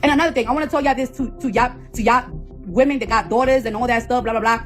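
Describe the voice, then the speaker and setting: A woman's voice: fairly high pitch, fast talker, soft background music. A woman ranting off the cuff as the founder of a hair product, profane and confrontational, repeating phrases over and over. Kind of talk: heated off-the-cuff rant.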